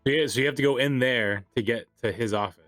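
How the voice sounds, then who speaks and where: A man's voice: medium pitch, a little fast, a bit bright, no room sound, faint music behind. A man playing in a tabletop game, talking casually and repeating himself. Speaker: player.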